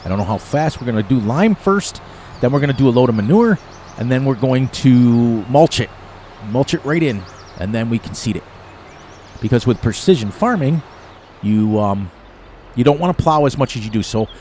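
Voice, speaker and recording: A man's voice: mid-range voice, a little mellow, slight background noise. Chatty older man streaming a farm game. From eastern United States. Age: 60s. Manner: chatty, rambling, laughs at own jokes. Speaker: gaming streamer. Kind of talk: casual gameplay commentary.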